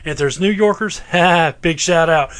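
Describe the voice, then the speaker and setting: A man with a Southern US drawl rambles through loose podcast banter, laughing and cursing as he goes. His voice sits a bit high and rings bright and forceful. He jumps from thought to thought without much of a plan. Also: a little slow. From American South. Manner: rambling, laughs often, swears freely. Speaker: podcast co-host. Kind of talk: casual chat.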